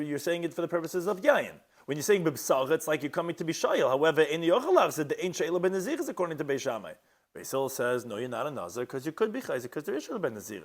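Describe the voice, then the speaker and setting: Animated man teaching a Talmud class. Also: fairly high pitch. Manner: animated, rhetorical questions, mixes Hebrew and Aramaic terms. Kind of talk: Talmud lecture.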